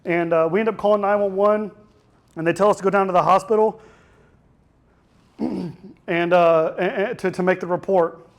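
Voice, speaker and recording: A man's voice: high voice, fairly even intonation, normal speed, pauses often. A young man giving a keynote speech, telling a personal story in a raw, emotional way with frequent restarts. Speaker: keynote speaker. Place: conference hall.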